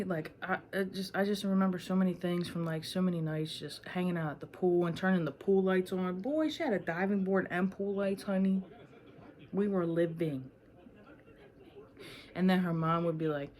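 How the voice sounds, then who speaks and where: A young woman talks straight to camera in a loose, rambling storytelling vlog. She swears freely and jumps between memories with a lot of fillers, in an unhurried, chatty flow. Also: fairly low pitch. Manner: rambling, profane, animated storytelling. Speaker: vlogger.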